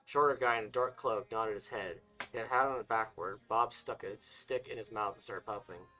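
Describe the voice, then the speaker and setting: A man's voice: fairly low pitch, a little fast, pushed and bright, poor audio. Man reading a story over faint music. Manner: casual reading with slips and restarts. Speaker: story reader. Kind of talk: reading fiction aloud.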